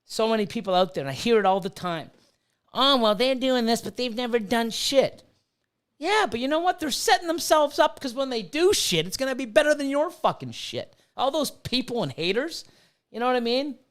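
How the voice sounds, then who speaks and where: A man's voice: very high-pitched, sing-song, fairly quick. A middle-aged man who breeds reptiles, ranting heatedly on a casual livestream, swearing constantly and repeating himself. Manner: profane, heated, repetitive ranting.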